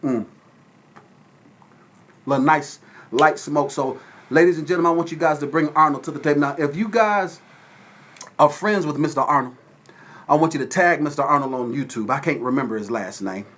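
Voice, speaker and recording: A man from Atlanta, Georgia, hosting a casual livestream from his phone at home and shouting out viewers by name. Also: on the high side, normal speed, pauses often. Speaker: livestream host. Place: at home with windows open.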